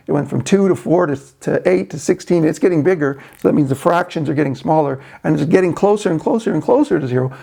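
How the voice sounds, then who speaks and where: A man's voice: fairly high pitch, creaky, dark tone, poor audio. A man casually telling a long joke to the camera in a rambling way, full of restarts and "you know". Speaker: video blogger.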